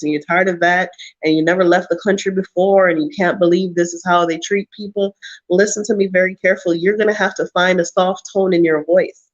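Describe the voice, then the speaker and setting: A woman's voice: on the low side, highs cut off. A woman vlogger giving blunt advice to her viewers on a live chat stream. She talks in an emphatic, preachy way and repeats lines for stress. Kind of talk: casual livestream advice talk.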